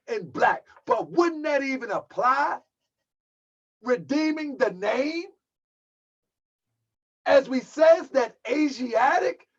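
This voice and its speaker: Guy preaching hard, repeats stuff slow for emphasis, dull muffled audio. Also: very high-pitched, a bit bright. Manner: emphatic, slows and repeats for stress. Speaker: religious teacher. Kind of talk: preaching commentary.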